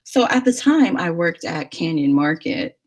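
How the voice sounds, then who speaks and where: A woman's voice: on the low side, big pitch swings, measured pace. A woman telling stories in casual chat, rambling and chatty with many fillers.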